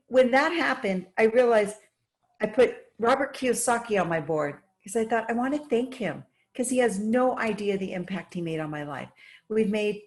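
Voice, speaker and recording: Excited lady guest just rambling through her stories, mid-pitched voice. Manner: enthusiastic, talks in long run-on stories. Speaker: podcast guest, entrepreneur. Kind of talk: casual interview storytelling.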